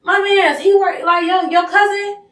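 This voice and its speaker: Blunt, high-voiced woman podcaster. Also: flat delivery, moderate pace, a bit bright, reverberant, recorded from a distance. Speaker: podcast co-host. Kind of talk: casual chat.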